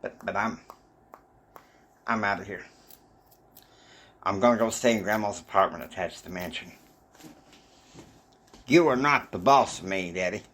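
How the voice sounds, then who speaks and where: A man acting out a defiant young man who talks back to his domineering father in a quiet, clipped, sullen voice. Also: fairly low pitch, normal speed, pauses often, a little hiss or hum, pitched below the performer's own voice, natural voice.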